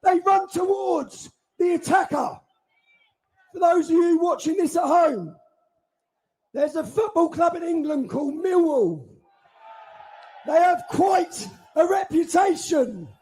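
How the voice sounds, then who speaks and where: A man giving a forceful, indignant speech to a crowd at an outdoor street rally. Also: extremely high pitch, expressive. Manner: forceful, indignant, drawn-out delivery. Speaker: rally speaker.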